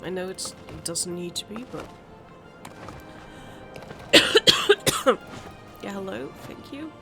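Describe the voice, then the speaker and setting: A woman's voice: mid-range voice, animated, slow pace, creaky, pushed and bright, faint music behind. A woman hosting a gaming channel, talking through a game in a chatty, candid way while nursing a sore throat. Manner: chatty, candid, muttering asides. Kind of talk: casual let's-play commentary.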